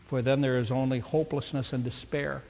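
A man's voice: medium pitch, little pitch movement, a little fast, creaky, a little mellow, long reverb tail. A man preaching a sermon with dramatic rhetorical questions. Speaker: pastor.

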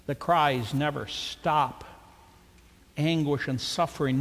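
A man's voice: a little high, slow pace, long pauses, in a large hall. A man preaching a sermon with dramatic rhetorical questions. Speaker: pastor.

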